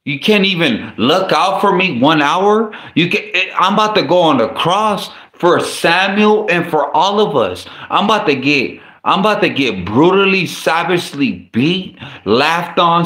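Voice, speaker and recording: A man talks through a sermon in a loose, conversational way, full of restarts and slang asides. His voice sits fairly high. The sound carries a roomy echo. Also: animated, a little slow, hardly any pauses, a bit bright. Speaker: preacher. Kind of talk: casual sermon.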